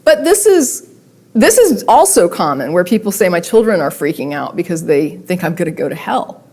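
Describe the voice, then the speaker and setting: A woman giving a public talk, speaking conversationally with wry asides and animated emphasis. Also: fairly low pitch, normal speed. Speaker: guest speaker. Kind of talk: public talk with read-aloud letters.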